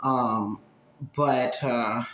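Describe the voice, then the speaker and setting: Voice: mid-range voice, steady tone, very slow, a bit bright, reverberant. A reaction video host giving blunt, sassy commentary in a casual way.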